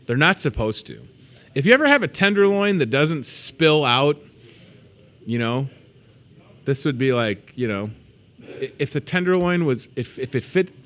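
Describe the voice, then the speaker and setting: A man in his thirties hosts a local store show in a relaxed, joking way, talking up food deals as he tastes them. His voice sits in a plain middle register, and he slips easily into playful asides. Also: mid-range voice, moderate pace. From moved to Iowa as a student. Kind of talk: casual promotional chat.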